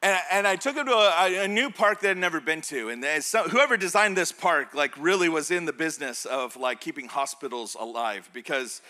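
A man in his thirties, a pastor preaching a sermon through a personal story, told in an animated way with laughs. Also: fairly high pitch, brisk, few pauses.

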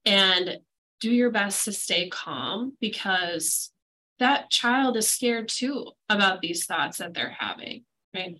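A woman's voice: medium pitch, expressive, takes it slowly, bright, forceful tone, low-quality recording. A woman speaking as a guest on a podcast, earnest and reassuring as she gives practical advice. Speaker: school mental health guest. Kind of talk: podcast interview.

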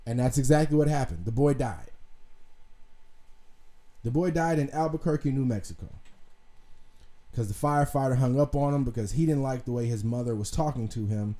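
A man's voice: mid-range voice, animated, moderate pace, long pauses, dark tone. A young adult man hosting a casual commentary monologue, talking loosely, swearing freely and trailing off into restarts. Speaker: podcast host.

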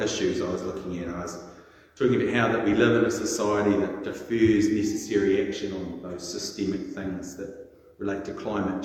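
A man's voice: fairly low pitch, darkish tone. A man preaching a sermon in a conversational storytelling way, acting out quotes. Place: large echoey church. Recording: echoey church hall with long reverb.

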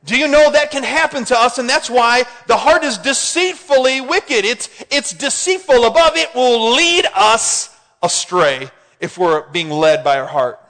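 A man preaching a sermon in an animated way, often asking the congregation questions. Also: very high voice, measured pace. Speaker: pastor. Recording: hall reverb.

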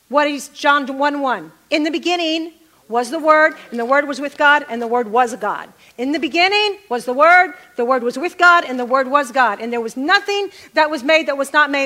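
A woman's voice: high-pitched, normal speed, bright, forceful tone. A middle-aged woman preaching a sermon, calling out to the congregation and repeating phrases for emphasis.

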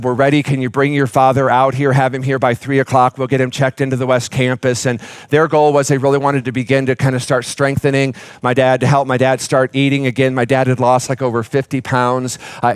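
A man's voice: mid-range voice, clean tone, no echo. A middle-aged man preaching as a pastor, with a voice sitting in the middle range. He tells a personal story with fillers and restarts. The sound is close and dry, with almost no room around it. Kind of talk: sermon.

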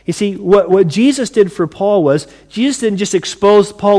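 Male pastor, fairly high voice, preaches with lively swings from loud to hushed. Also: moderate pace. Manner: animated preaching, acting out scripture voices, drops to quiet asides. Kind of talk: sermon.

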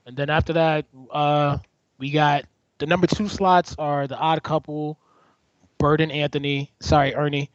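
An animated man co-hosting a podcast, joking and restarting his sentences as he talks. His voice sits a little high, and the recording is dry and dull, a bit lo-fi. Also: moderate pace, no echo. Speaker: podcast co-host. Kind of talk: casual chat.

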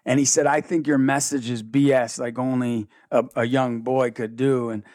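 A ministry founder, appearing as an interview guest, tells a high-energy story and plays both sides of the dialogue himself. His mid-range voice shifts quickly, and the recording is dry.

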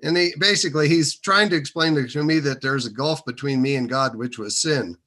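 Brief: man, middle pitch, bright forceful tone, meandering and filler-heavy storytelling. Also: normal speed. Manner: hesitant and meandering, many fillers. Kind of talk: personal storytelling.

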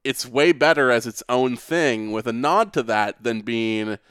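A young man co-hosting a podcast, talking in an easygoing, rambling way full of filler words and restarts. His voice is smooth and resonant at an ordinary pitch. The sound is close and dry. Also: measured pace, fairly bright tone, no echo. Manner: loose, filler-heavy talk with many restarts. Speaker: podcast co-host. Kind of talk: casual chat.

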